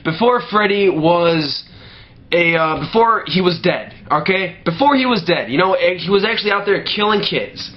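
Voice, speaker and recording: A man's voice: high-pitched, expressive, normal speed, lo-fi sound. A man delivering a profanity-laced movie rant to camera, filling his talk with "you know" and restarting his sentences. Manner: heavy swearing, many "you know" fillers, restarts. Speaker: movie ranter.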